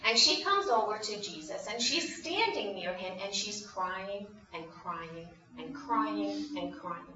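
Woman Sunday-school teacher, bright voice, animated and questioning, recorded from afar in a roomy space with a dull sound. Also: mid-range voice, unhurried, far from the mic. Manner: animated, asks the children questions. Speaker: children's Bible teacher. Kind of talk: storytelling lesson for children.

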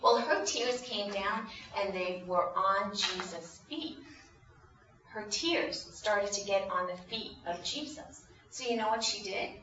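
A woman with a mid-range voice tells children a Bible story at a slow pace, animated and quizzing them as she goes. Background noise is present, and the audio is roomy, distant and dull.

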